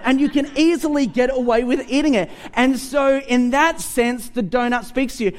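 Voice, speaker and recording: A man preaching a sermon to a congregation, animated and humorous, often repeating words as he starts sentences. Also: extremely high pitch, moderate pace, few pauses. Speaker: pastor.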